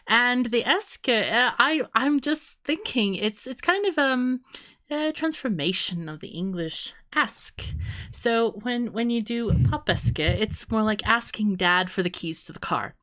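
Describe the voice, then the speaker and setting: Giggly woman with a lively voice. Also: on the high side, slow, no echo, clean studio sound. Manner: giggly, rambling guesses with frequent laughs. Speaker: podcast co-host. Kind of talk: playful casual chat.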